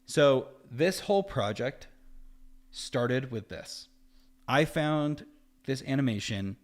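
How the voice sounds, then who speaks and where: A man hosts a casual live stream in a mid-pitched voice. He rambles freely, circling back on his phrases. He pitches up into lively quoted voices whenever he retells a conversation. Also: slow. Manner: animated and rambling, voice jumps up when quoting others. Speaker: host of a live effects-art stream. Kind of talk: casual livestream talk.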